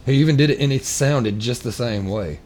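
A man's voice: mid-range voice, fairly quick, darkish tone. A man co-hosting a podcast in casual chat, rambling with many fillers and restarts. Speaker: podcast co-host.

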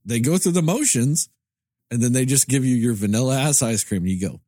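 A man's voice: medium pitch, brisk, no room sound, studio quality. A man in casual chat about a movie, telling a comic story by acting out both sides of an exchange, with cursing and jokes. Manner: animated storyteller acting out customer and server; profane, comedic. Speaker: movie discussion co-host.

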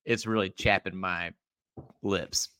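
A man co-hosting a casual sports podcast, making his points with emphatic, wry complaints. His voice sits on the lower side but has a bright, forward edge. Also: fairly even intonation, slow pace, smooth, no echo, studio quality. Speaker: podcast co-host.

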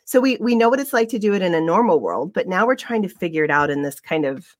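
A woman's voice: on the low side, expressive, quick pace, no room sound, studio quality. A woman co-hosting a podcast livestream in a casual chat. She talks in a rambling, chatty way with frequent laughs and restarts. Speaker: fitness instructor.

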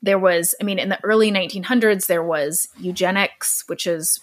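A woman's voice: fairly low pitch, moderate pace. A woman hosting a podcast, telling a true story in a chatty, earnest way and laughing easily.

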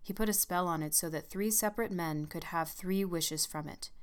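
Woman reading as a solemn old sergeant major, grave warnings, lowish smooth voice. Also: normal speed, close to an everyday voice. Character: grave older male soldier back from abroad.

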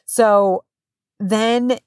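A woman in her thirties hosting a podcast, telling a story in a casual, animated way with swearing and acted-out quotes. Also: on the high side, very slow, smooth, no echo, studio quality. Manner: animated, swearing, acts out quotes in raised voices. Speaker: podcast host.

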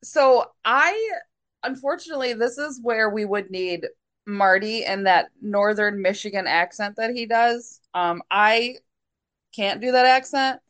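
A woman's voice: fairly high pitch, a little slow, a bit bright. A woman co-hosting a podcast in casual chat, giggling and breaking into laughter often. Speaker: podcast co-host.

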